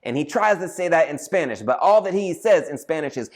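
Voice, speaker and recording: A man in his thirties tells a funny story from his life to the camera. His pitch swoops widely as he acts out voices and bursts into shouts, and his delivery stays animated throughout. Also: brisk, hardly any pauses. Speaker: storyteller vlogger. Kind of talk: casual comedic storytelling.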